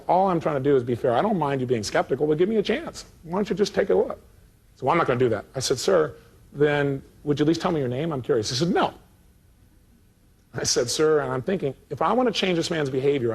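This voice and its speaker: Fast-talking husky male seminar speaker. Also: a little high. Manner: animated storyteller acting out both sides of dialogues. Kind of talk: live seminar storytelling to an audience.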